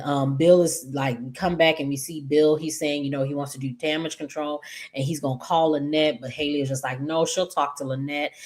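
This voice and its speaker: Sassy low-voiced woman recapping soaps. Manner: chatty, animated, sassy asides to viewers. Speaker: soap opera recap host. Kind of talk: casual episode recap.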